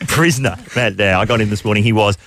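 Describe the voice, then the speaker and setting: A man's voice: on the low side, very fast, fairly bright tone. A man co-hosting a comedy radio show, laughing often and making dry asides.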